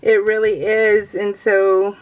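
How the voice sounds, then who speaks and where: A woman's voice: mid-range voice, flat delivery, takes it slowly. A middle-aged woman talks casually to her viewers as she works on a craft project. She rambles from thought to thought and often breaks into light laughter. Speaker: crafting vlogger. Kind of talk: casual chat while crafting.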